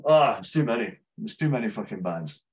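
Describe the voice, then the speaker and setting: A Scottish man with a fairly low voice talks loosely as a podcast guest. He swears freely and laughs often as he chats. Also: lively intonation, fairly quick. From Scotland. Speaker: musician guest. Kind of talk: casual podcast interview.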